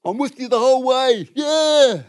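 A man preaching who voices an eager young male disciple, loudly boasting that he will stick with his master to the end. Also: extremely high pitch, expressive, unhurried, voice pushed up. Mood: boastful. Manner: loud, shouting bravado.

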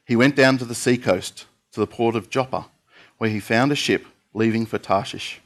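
A man preaching a sermon, reading scripture aloud in a steady voice with an occasional filler. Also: medium pitch, normal speed.

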